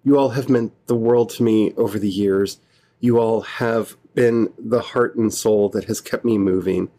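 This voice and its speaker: A man's voice: fairly low pitch, fairly even intonation, unhurried, mellow. A man hosting his own podcast, talking alone in an earnest, emotional way and often repeating and restarting his phrases. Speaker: podcast host. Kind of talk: heartfelt solo podcast monologue.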